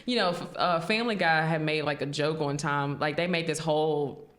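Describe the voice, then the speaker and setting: A woman's voice: deep voice, moderate pace. A woman hosting a podcast, chatting casually and animatedly, laughing often and cursing freely. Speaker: podcast host. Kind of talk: casual chat. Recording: echoey room.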